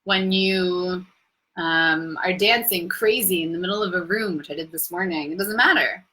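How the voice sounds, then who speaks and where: A woman's voice: fairly low pitch, moderate pace, pushed and bright, breathy edge, rough recording. A young adult woman hosting a live Q&A as a coach, talking in an effusive, spiritual way and laughing easily. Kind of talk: casual live-stream talk.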